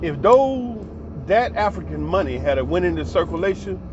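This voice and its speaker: A man's voice: high voice, animated, moderate pace, background noise. A man giving passionate, profane, heated commentary in a ranting vlog. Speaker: commentary vlogger. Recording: slightly dull lo-fi recording.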